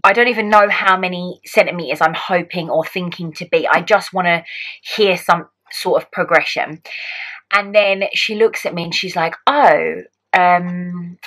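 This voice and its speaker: A young woman with a fairly low voice talks straight to her viewers. She tells a personal story in an animated, chatty way, dropping "like" into nearly every sentence. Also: normal speed, low-quality recording. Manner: animated, heavy use of "like" as filler. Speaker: vlogger.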